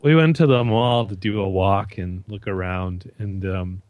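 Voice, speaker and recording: A man's voice: low voice, unhurried, no room sound, narrow, tinny audio. A Canadian man co-hosting a podcast, rambling and joking with lots of fillers and restarts. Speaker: podcast co-host. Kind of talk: casual chat.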